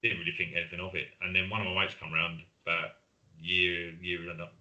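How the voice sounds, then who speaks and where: Middle-aged bloke, low and bright voice, chatty podcast co-host who tells stories. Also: male voice, flat delivery, a little fast, highs cut off. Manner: chatty storyteller, acts out quoted friends. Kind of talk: casual chat.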